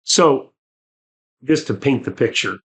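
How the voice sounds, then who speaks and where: A man, a podcast guest earnestly telling a personal story, with halting restarts. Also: medium pitch, lively intonation, fairly bright tone, slightly rough.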